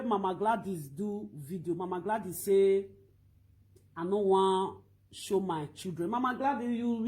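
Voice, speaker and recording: A middle-aged woman with a Nigerian Pidgin accent, ranting loudly and emphatically to her online followers in a scolding, repetitive way. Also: mid-range voice. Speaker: Facebook live video blogger. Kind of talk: animated ranting monologue.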